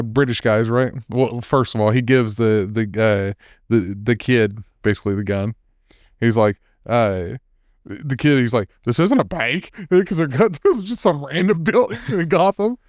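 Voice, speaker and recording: A podcast co-host casually recounts a funny story, laughing a lot and loosely imitating the characters' lines. His voice is medium-pitched, unhurried and somewhat dark, recorded cleanly in a studio with no echo.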